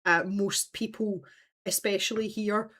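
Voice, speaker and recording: A woman with a Scottish accent chats casually while hosting a livestream from her home. Her talk rambles from one thought to the next, and she laughs easily. Her voice sits at a middle pitch for a woman, picked up by the camera's mic. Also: steady tone, a little slow, fairly bright tone. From Scotland. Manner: chatty and rambling, laughs often. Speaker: livestream host.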